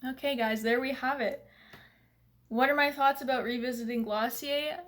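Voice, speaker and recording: Casting: woman, beauty vlogger, loose rambling chat, voice a touch high. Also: steady tone, moderate pace, a bit bright. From Canada. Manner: chatty, rambling, filler-heavy. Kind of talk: casual makeup review.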